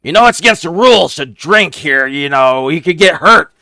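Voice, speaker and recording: A man voicing a small, fussy male goblin who sticks to the rules and scolds in a shrill, quick voice. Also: lively intonation, gravelly, bright, forceful tone, dry recording, full character voice. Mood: scolding.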